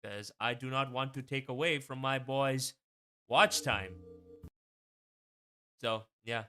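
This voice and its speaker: A man's voice: medium pitch, steady tone, slow, pushed and bright, smooth. A young man hosting a casual watch-party stream, rambling and swearing freely as he talks.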